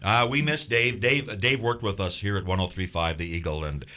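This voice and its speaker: A male radio host chats his way through a friendly studio interview. His voice is on the low side but bright and forceful. He banters easily with his guest. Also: normal speed.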